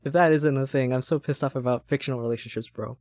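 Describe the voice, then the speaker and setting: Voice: medium pitch, steady tone, fast talker, a little mellow, dry recording. A streamer in casual game-stream chat, rambling, swearing and cutting themselves off mid-thought. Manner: rambling, profane, self-interrupting.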